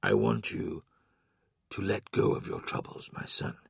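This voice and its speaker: A man voicing a fatherly supreme male war lord who speaks softly and slowly. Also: lowish voice, expressive, creaky, husky, no echo, clean studio sound, heavily acted. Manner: soft, slow and measured.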